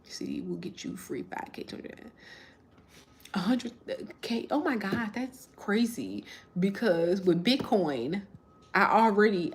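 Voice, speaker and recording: A woman's voice: mid-range voice, very animated, slow. A woman, chatting casually on a livestream and answering viewer comments as she rambles. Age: 30s.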